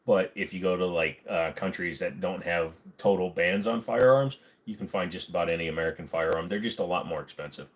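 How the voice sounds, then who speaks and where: A man with a fairly low voice hosts a casual livestream. He reads viewer comments aloud and answers them bluntly and sarcastically, swearing freely as he goes. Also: fairly quick, hardly any pauses. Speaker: livestream host.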